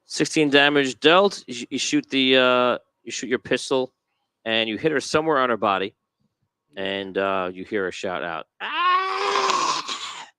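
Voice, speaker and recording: A man's voice: medium pitch, normal speed, clear, resonant tone, dry recording. A man running a tabletop game as game master, narrating the action and calling each player's turn. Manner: animated, directs players' turns.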